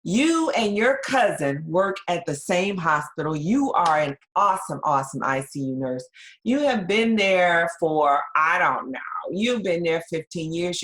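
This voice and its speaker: A woman presenting a webinar in a fairly low voice. She talks to her listeners directly and conversationally, often checking in with "right?" as she walks them through a case. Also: fairly bright tone. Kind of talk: webinar lecture.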